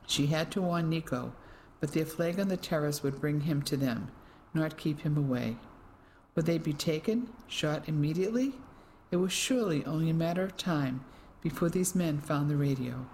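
A woman narrating an audiobook in a measured, dramatic way. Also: low voice, a little mellow, slight background noise, rough recording. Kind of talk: scripted narration.

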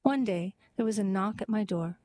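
A woman narrating a heartwarming story and then reading a poem aloud in a gentle, even storytelling manner. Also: medium pitch, normal speed, low-quality recording.

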